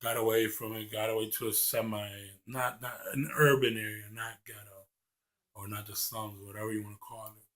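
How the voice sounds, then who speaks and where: A man's voice: lowish voice, level tone, moderate pace, fairly bright tone. Earnest rambling young man vlogging. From Maryland, USA. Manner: earnest, rambling, repeats words when starting a thought. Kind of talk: casual vlog monologue.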